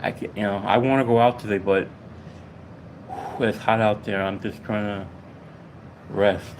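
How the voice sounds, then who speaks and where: A man vlogging to his subscribers in a rambling, halting way, out of breath and repeating himself. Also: fairly low pitch, steady tone, slight background noise, poor audio. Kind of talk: casual heartfelt monologue to viewers.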